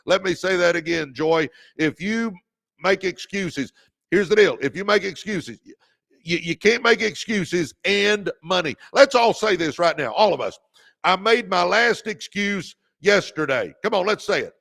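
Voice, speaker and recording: Middle-aged guy hyping up his livestream, kinda high voice w some gravel, dry close sound. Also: expressive, normal speed, fairly bright tone, dry recording. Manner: fired-up, repeats key lines, thanks viewers by name; calls viewers "baby". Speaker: podcast host. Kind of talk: motivational livestream talk.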